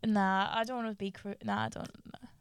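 A woman's voice: medium pitch, fairly even intonation, fairly quick, clean tone, dry recording, studio quality. A young woman, co-hosting a podcast, teasing and swearing in casual chat. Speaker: podcast co-host.

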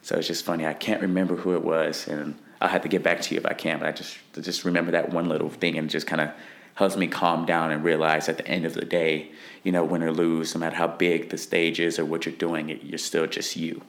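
Low gravelly young man, rambling. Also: level tone, fairly quick. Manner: rambling, many "like" fillers. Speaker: fighter. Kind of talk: interview answers.

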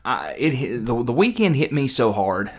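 A man's voice: mid-range voice, big pitch swings, normal speed. A young man hosting a podcast, chatting casually and teasing his co-host. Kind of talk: casual chat.

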